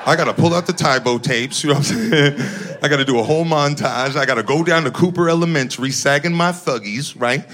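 A man from Northern California doing profane, animated stand-up comedy and laughing at his own lines. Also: fairly high pitch, fast.

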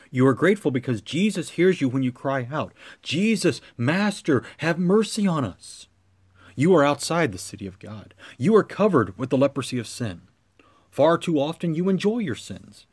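A man preaching a sermon as pastor, with a measured cadence that swells into emphatic lines. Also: medium pitch, sing-song, darkish tone, slightly rough.

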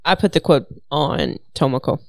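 Young woman, low smooth voice, dry close sound, wry game-night banter. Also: normal speed, no echo. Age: 20s. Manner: jokey, wry, plays with silly voices. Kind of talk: casual group chat.

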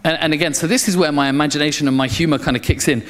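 Male preacher, slightly high voice, animated sermon with stumbling restarts and acted crowd voices, long hall reverb. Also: racing.

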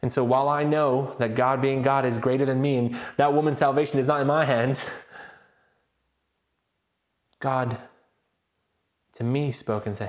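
Male pastor, mid-range voice, animated self-deprecating preacher, roomy church acoustics. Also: mid-range voice, measured pace, pauses often. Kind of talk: sermon with personal story.

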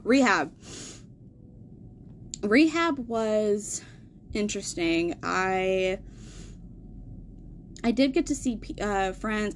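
A woman's voice: mid-range voice, slight background noise. A young adult woman hosting a podcast, telling a hard personal story in a casual, candid way, swearing freely and laughing through the grim parts. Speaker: podcast host.

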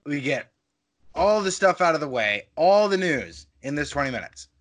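A man's voice: fairly high pitch, big pitch swings, normal speed, a bit bright. A man hosting a podcast in casual chat, playful and jokey, rambling a little as he talks. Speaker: podcast host.

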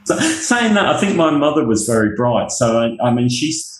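A man's voice: mid-range voice, very animated, moderate pace, reverberant, low-quality recording. A middle-aged Englishman with a Northamptonshire accent, telling rambling, self-deprecating stories in an interview. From England. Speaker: interview guest, university leader. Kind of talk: conversational interview.

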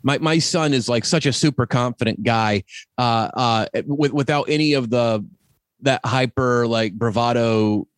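A middle-aged man hosting a casual chat, telling animated stories and acting out the people in them. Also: medium pitch, measured pace, no room sound. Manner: animated storyteller, acts out quoted voices. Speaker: podcast host.

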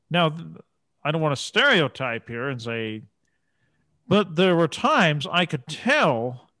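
A man interviewing a guest, telling an anecdote from his past job in a lively way. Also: fairly high pitch, no echo. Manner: storytelling, animated. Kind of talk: casual conversation.

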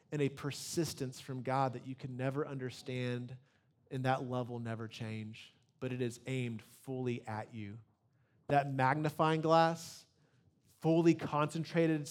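A young man preaching an Easter sermon in a church, conversational and earnest, slowing down to stress key points. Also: on the high side. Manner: conversational, earnest, slows down for emphasis. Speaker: pastor. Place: church sanctuary before a congregation.

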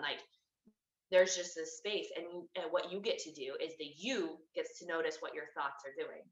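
A woman's voice: on the low side, a little fast, fairly bright tone, highs cut off. Laughing, chatty woman in a roomy echo. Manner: chatty, laughs often, many likes. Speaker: birth coach. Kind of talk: podcast interview guest.

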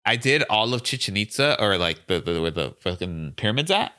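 Low, bright-toned man telling a story. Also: big pitch swings, brisk, smooth. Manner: loose and profane, acts out quoted voices. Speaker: podcast guest, gym owner. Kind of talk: casual storytelling.

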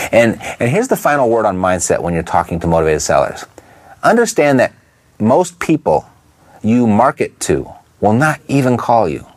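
A man at a middle pitch coaches real estate investors, his voice rising and falling in a lively way. He talks straight to the listener, checking in with rhetorical questions as he lays out his tips. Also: husky. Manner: briefly imitates a Texan twang. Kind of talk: instructional talk to camera.

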